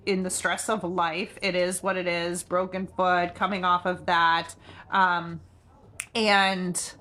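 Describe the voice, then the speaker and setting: A woman's voice: mid-range voice, fairly bright tone. A middle-aged woman chatting casually on a live stream from her home, rambling with lots of fillers. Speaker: animal sanctuary live-streamer. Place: home, indoors. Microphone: camera on a tripod.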